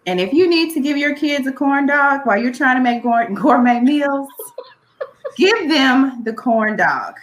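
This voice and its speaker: A woman's voice: sits high, expressive, unhurried. A woman hosting a podcast who wraps up the episode with encouraging advice for her listeners. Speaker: podcast host. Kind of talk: casual podcast chat. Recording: roomy echo.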